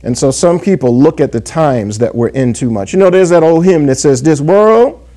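A man preaching a sermon who reads scripture in old-fashioned wording and keeps checking in with the congregation with "yes?" and "amen?". He slows down to stress key words. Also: a little high, expressive, mellow. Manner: call-and-response asides, frequent "yes?" and "amen?"; reads scripture aloud in King James wording. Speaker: pastor.

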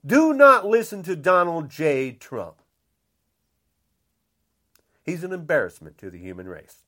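An older man rants in an angry, indignant tone, circling back to his points again and again. His voice sits high and leaps up and down as he talks. He takes his time, dragging the words out slowly. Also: very animated, a bit bright. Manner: indignant, repetitive, blunt. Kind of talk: angry political rant.

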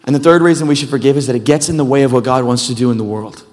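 A man's voice: medium pitch, fairly even intonation, very fast, darkish tone, big-room sound. A male pastor preaching a sermon in a loose, casual way, with rambling, self-deprecating asides.

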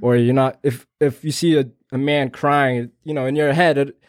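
A man's voice: mid-range voice, fairly even intonation, normal speed, dry recording, studio quality. A young man on a podcast panel, speaking bluntly with slang and swearing. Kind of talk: casual panel chat.

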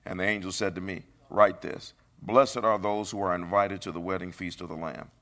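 A middle-aged man preaching a sermon, emphatic and rising into high bursts. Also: steady tone, normal speed, sharp tone.

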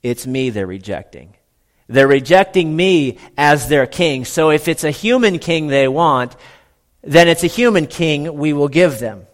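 A man voicing God speaking to a prophet, earnest and measured. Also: fairly high pitch, lively intonation, pitched above the performer's own voice.

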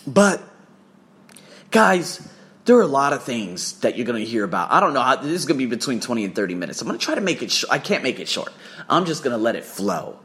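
Animated, swearing male podcast host. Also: mid-range voice, fast. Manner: animated, profane storytelling with acted-out quotes. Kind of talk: casual solo podcast.

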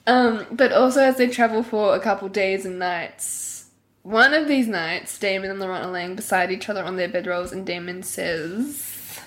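A woman's voice: mid-range voice, normal speed, a bit bright. A woman hosting a casual book discussion who laughs often and reads passages aloud. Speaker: podcast host.

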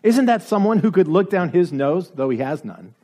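A man's voice: high-pitched, sing-song, moderate pace, dark tone. A man preaching a sermon, driving his points home with repeated rhetorical questions and building to emphatic peaks.

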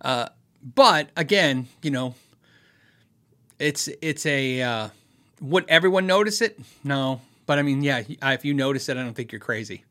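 Bright-voiced man chatting casually. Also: medium pitch, animated. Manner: rambling, easygoing, many fillers and restarts, quick laughs. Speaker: livestream host answering viewer questions on guitars. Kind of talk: casual live Q&A chat.

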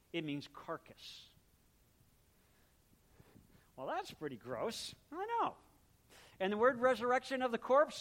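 A man preaching a sermon, explaining words and their meanings in a relaxed, talky way and briefly acting out little exchanges between people. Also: high-pitched. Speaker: pastor.

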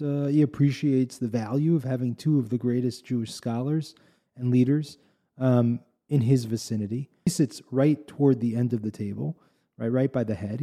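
Gravelly, dark-voiced male storyteller. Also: medium pitch. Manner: animated, rambling with restarts and asides. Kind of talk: casual spoken storytelling.

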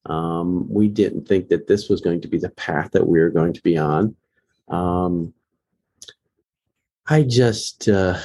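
A middle-aged man with a slightly low, husky voice talks as a podcast guest. He tells his stories earnestly, with deep feeling. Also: slow, warm tone. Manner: emotional, earnest storytelling. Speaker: guest, bereaved father running a foundation. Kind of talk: podcast interview.

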